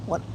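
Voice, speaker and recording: A man's voice: pushed and bright, slight background noise. A man casually chatting to his livestream viewers while fishing outdoors, rambling with many restarts and playful teasing. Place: outdoors by a pond.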